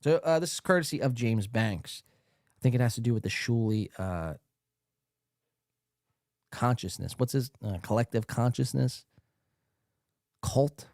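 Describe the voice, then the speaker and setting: A male podcast host giving loud, profane, mocking commentary on a live stream, laughing often, tired late at night. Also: medium pitch, normal speed, long pauses, dry recording, studio quality.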